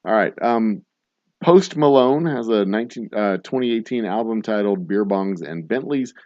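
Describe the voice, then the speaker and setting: Deep-voiced man hosting bar trivia. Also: expressive, dry recording, muffled recording. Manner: casual, joking, swears offhand, repeats questions slowly. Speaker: trivia host.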